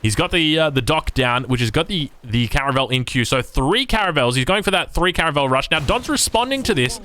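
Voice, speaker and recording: A man's voice: on the high side, animated, brisk, bright, forceful tone. A man casting a strategy game match play by play, upbeat and joking, often asking his co-caster questions. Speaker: esports caster.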